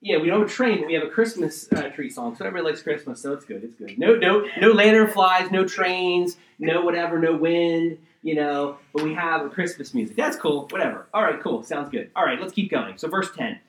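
A man preaching a sermon and teaching from the Bible, swinging between loud emphatic bursts and quiet asides and often checking in with his listeners. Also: fairly high pitch, lively intonation, fairly quick, few pauses. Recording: roomy echo.

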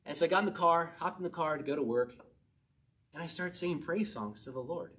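A married man preaching a sermon, moving from quick personal asides to slow, emphatic scripture reading. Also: a little high. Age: adult, married. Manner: animated preaching, shifts between fast asides and slow emphatic verse reading. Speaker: pastor.

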